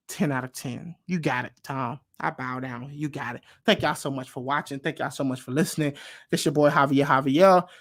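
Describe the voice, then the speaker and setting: A man hosting a reaction video in a casual commentary style. He is animated and emphatic, repeats phrases for stress, and calls for amens like a preacher. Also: on the high side. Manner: animated, preacher-like call and response.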